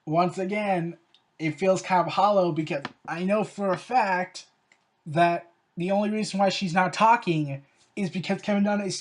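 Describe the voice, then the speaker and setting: A show host talking through a review in a loose, rambling way, peppering sentences with "like". The delivery is opinionated and slides into sarcastic rants, with a voice that sits at an ordinary middle pitch. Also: slight background noise. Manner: rambling and opinionated, with frequent "like" fillers; ranting, with sarcastic asides. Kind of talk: casual spoken review.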